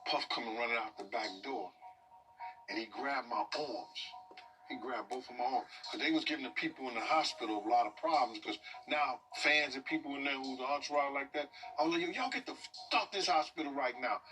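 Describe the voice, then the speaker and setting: A man's voice: mid-range voice, pushed and bright. Man telling a story from a distance. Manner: conversational, checking in with the listener. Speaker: interview guest recounting events. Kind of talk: storytelling in an interview clip. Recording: distant mic with music underneath.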